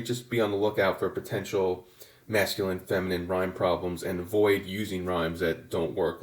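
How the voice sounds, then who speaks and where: A man's voice: deep voice, echoey room. A man giving a patient, methodical songwriting lesson, with frequent fillers and restarts. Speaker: songwriting instructor. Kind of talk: explanatory lesson.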